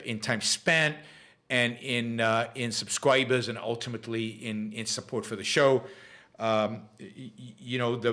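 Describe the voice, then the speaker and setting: A man's voice: mid-range voice, a bit bright. Chatty Israeli-accented man hosting a live show. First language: Hebrew. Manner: chatty, halting with frequent fillers and restarts. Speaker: podcast host. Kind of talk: live-stream Q&A chat.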